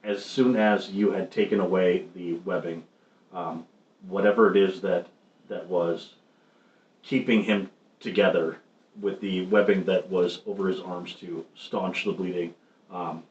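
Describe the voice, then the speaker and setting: A man narrating as game master of a tabletop game, halting with many ums and restarts. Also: deep voice, steady tone, a little mellow. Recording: roomy, muffled stream audio with faint noise.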